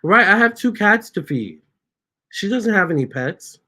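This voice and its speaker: A man's voice: high voice, very animated, measured pace, bright, forceful tone. A man, a tarot reader, chatting casually on his livestream, reading viewer comments aloud and cooing at his cats. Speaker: tarot reader and channel host.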